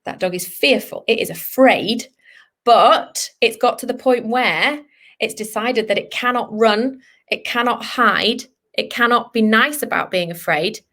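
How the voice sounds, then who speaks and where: A woman vet giving an online lesson to children, lively and encouraging, sometimes voicing what a dog is thinking. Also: fairly high pitch, a little slow. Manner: lively, speaks to children, voices the dog's thoughts. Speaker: veterinarian teaching children.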